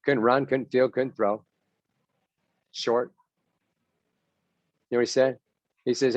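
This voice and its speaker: A man gives a team talk to young baseball players, hammering short mantras over and over in a punchy, repetitive way. His voice sits at an ordinary pitch. The sound is dry and slightly dull. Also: level tone, slow pace, long pauses, no echo. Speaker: baseball mental coach.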